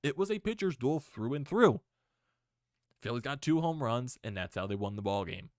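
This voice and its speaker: A man hosting a casual sports recap stream, excitable and given to repeated exclamations. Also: medium pitch, moderate pace, no room sound, studio quality.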